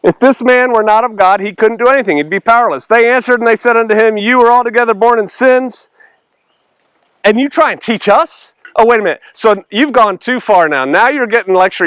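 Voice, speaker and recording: High-voiced animated male preacher. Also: smooth, no echo. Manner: animated, acts out the dialogue with sarcasm and laughs. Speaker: pastor. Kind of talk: conversational Bible teaching.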